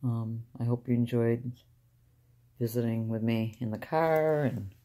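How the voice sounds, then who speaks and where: An older woman talking casually to her viewers from inside a car, soft-spoken and halting, trailing off with sighs. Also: very deep voice, fairly even intonation. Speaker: vlogger. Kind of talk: rambling casual talk to camera.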